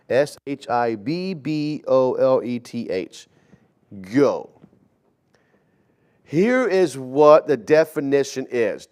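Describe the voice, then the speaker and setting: Slow, higher-voiced man preaching. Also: a little mellow. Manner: conversational teaching with asides to the congregation. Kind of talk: sermon.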